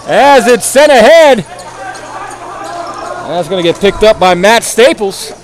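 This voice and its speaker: A man calling a ball hockey game play by play, tired after hours of talking, joking at his own expense and getting louder on goals. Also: sits high, slow pace, a faint crowd, a little hiss or hum. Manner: joking, self-mocking, rising excitement on goals. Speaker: play-by-play commentator.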